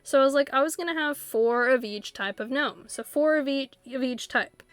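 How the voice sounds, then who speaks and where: A woman's voice: sits high, moderate pace, smooth, dry recording. A woman streaming a video game, chatting casually with her viewers and laughing often as she rambles. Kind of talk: casual live-stream chat while playing.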